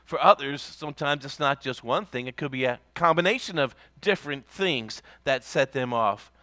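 A man's voice: medium pitch, normal speed, sharp tone, no echo. A man serving as pastor, delivering a sermon in a conversational storytelling manner with folksy asides.

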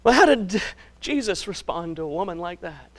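A man's voice: high-pitched, expressive, normal speed. A male preacher giving a sermon in an emphatic, conversational way, stacking words for emphasis and chuckling at himself.

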